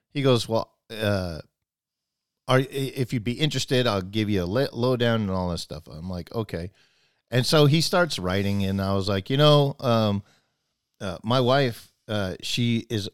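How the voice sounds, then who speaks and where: Guy with a low voice rambling thru an old story, dry close sound. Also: clear, resonant tone, no room sound. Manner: rambling anecdotal storytelling with many restarts. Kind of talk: casual chat.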